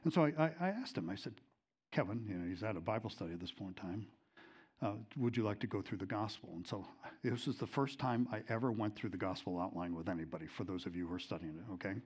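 Middle-aged male Bible teacher, lowish voice, casual storytelling delivery full of ums and restarts. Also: fast, a little mellow, breathy edge. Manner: conversational, many fillers and restarts; gets emotional telling a story.

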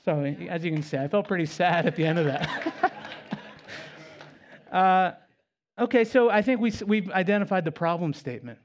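Conversational male pastor, slightly high voice. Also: fairly quick, background noise. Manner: conversational, self-deprecating humor. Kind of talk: sermon.

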